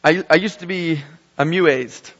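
A middle-aged man preaching a sermon, telling a story with animated humor and wry asides. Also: a little high, unhurried. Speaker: pastor. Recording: echoey hall, slightly dull sound.

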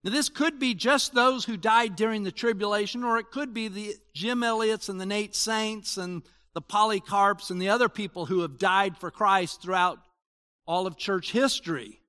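Bright high-voiced pastor in his sixties. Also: normal speed, clear, resonant tone. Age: 60s. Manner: conversational preaching, swinging between loud emphasis and quiet asides. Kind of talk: sermon.

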